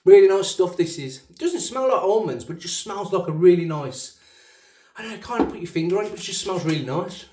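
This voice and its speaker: A rambling, chatty man with a Black Country accent and a fairly high voice. He talks loosely and pokes fun at himself as he shaves. The sound bounces around a hard, echoey bathroom. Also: expressive, fairly quick, dark tone. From English West Midlands. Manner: rambling, chatty, self-mocking. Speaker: shaving channel host. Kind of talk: casual chat while shaving.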